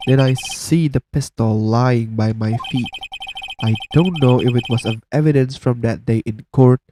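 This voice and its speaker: A man's voice: mid-range voice, steady tone, unhurried, noisy background, lightly acted. Man reading as Edgeworth, grave young prosecutor. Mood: troubled. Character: brooding young male prosecutor. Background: game music.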